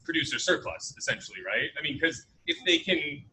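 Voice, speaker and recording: A man's voice: fairly high pitch, sing-song, brisk, sharp tone, slight background noise, low-quality recording. Chatty young man lecturing economics. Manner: chatty, jokey asides, frequent "right?". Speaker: college economics instructor. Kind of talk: casual recorded online lecture.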